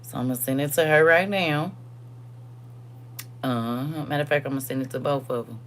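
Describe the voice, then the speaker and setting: A woman hosting a casual livestream, chatting directly with viewers and reading scripture verses slowly and deliberately. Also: rumbling low, a little hiss or hum. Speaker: livestream host.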